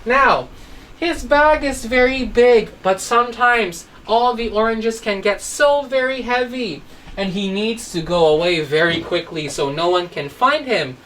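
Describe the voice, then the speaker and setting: A woman's voice: fairly high pitch, a little slow, a bit bright, recorded from a distance, a little hiss or hum, poor audio. A woman teaching a child English phonics, telling a story and asking patient questions. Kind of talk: online phonics lesson for a child.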